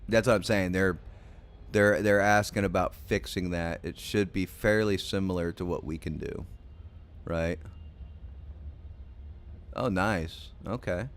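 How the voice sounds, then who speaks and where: A man's voice: deep voice, steady tone, measured pace. A man streaming a game late at night, sleepy and yawning, chatting casually with viewers in a rambling, hesitant way full of ums and restarts. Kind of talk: casual livestream chat with viewers.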